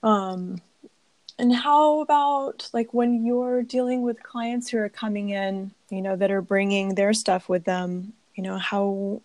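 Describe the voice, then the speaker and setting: A woman hosting a casual podcast interview, soft-spoken and rambling, with many fillers. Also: mid-range voice, steady tone, unhurried, no room sound. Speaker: podcast host.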